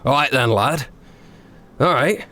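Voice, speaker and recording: A man voicing a furious, wrinkled master chef with a put-on British accent, shouting and swearing at everyone. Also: mid-range voice, slow pace, voice pushed up. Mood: menacing.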